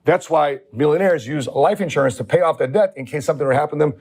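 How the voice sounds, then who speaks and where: Fast-talking man lecturing at a whiteboard. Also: a little high, darkish tone, breathy edge. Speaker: life insurance agent. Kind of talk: whiteboard social media clip.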